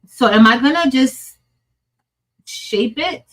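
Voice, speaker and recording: Slow-talking woman chatting while crafting. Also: high voice, animated, poor audio. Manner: chatty, muttering to herself while working, laughs often. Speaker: crafting livestream host. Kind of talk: casual think-aloud crafting stream.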